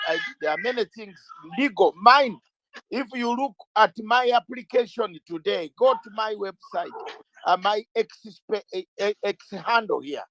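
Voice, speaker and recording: Fiery high-voiced man arguing. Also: fairly bright tone, dry recording. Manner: emphatic, rhetorical questions, repeats phrases. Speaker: lawyer interviewee. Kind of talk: impassioned interview talk.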